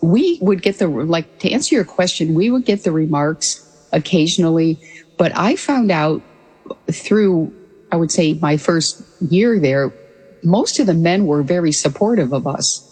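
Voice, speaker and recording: A woman's voice: on the low side, lively intonation, a little slow, a little mellow, slightly rough, in a large hall, poor audio. A woman in her sixties, a former military pilot, telling her story as an interview guest in an earnest, reflective way. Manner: earnest and reflective, with frequent restarts and light laughs. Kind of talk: conversational storytelling.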